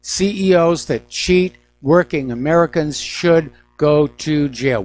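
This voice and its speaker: A man's voice: fairly high pitch, a little mellow. A middle-aged man hosting a news talk radio show, giving emphatic, indignant opinions on the day's stories.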